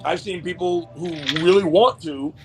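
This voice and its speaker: A man's voice: sits high, normal speed, creaky, music in the background. A man co-hosting a live stream who talks bluntly and swears freely in casual chat.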